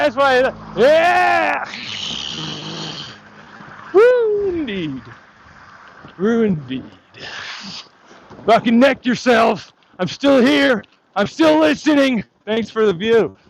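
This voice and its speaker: A man's voice: very high-pitched, lively intonation, unhurried, a little hiss or hum. A man vlogging outdoors on a hike, ranting in a sarcastic, profane, mocking way as if heckling an imagined crowd. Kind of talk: rambling outdoor vlog monologue.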